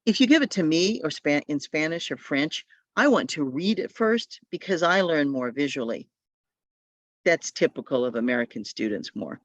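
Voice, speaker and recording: A woman leading a tutor training session over a video call, giving advice in a chatty way with quick asides. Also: low voice, lively intonation, no echo.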